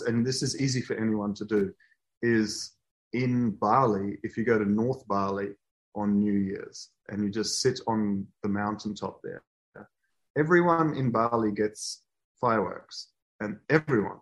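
A man guest telling lively stories in a casual podcast chat, swearing freely and acting out scenes. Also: fairly low pitch, unhurried. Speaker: guest, author and fitness program creator.

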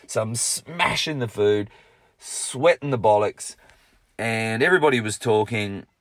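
A man's voice: fairly low pitch, unhurried, fairly bright tone, no echo. A man telling a personal story in a candid, profane, self-mocking way. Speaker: speaker.

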